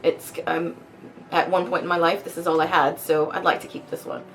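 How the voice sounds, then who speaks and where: A woman's voice: lowish voice, flat delivery, a little fast, fairly bright tone, slight background noise. Hesitant woman tabletop player. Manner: hesitant with fillers, laughs often. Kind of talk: tabletop role-play in character.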